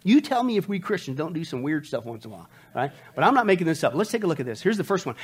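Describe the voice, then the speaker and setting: A man preaching a sermon, joking with the congregation, reading funny lines aloud, laughing and shouting now and then. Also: fairly high pitch, sing-song, very fast, hardly any pauses, husky. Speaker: pastor. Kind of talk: humorous sermon.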